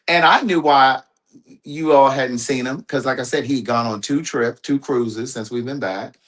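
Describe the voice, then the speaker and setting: A man's voice: mid-range voice, normal speed, fairly bright tone. Chatty man telling a story to his viewers. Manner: rambling, with restarts and asides to the audience. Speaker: livestream host. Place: his home.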